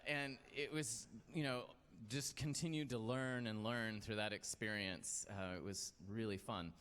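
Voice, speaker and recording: A man's voice: medium pitch, moderate pace, hardly any pauses, a bit bright, smooth. Rambling self-deprecating male host. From United States. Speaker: storytelling show host. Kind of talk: personal storytelling to a live audience. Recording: long hall reverb.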